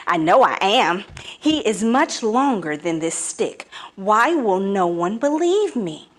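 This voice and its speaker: A woman's voice: mid-range voice, sing-song, slow. A woman voicing a cunning, boastful male spider trickster with an eager, wheedling, theatrical manner. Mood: muttering.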